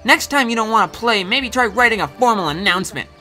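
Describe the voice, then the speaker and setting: A man's voice: high voice, lively intonation, fast, pushed and bright, soft background music, pitched above the performer's own voice, exaggerated voice. A man voicing a bratty, squabbling young prince in a game, petulant and whiny.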